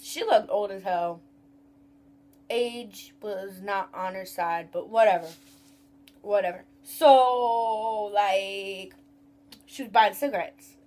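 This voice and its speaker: A young woman vlogging a casual storytime rant about her job, rambling and profane, acting out customers' voices. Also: medium pitch.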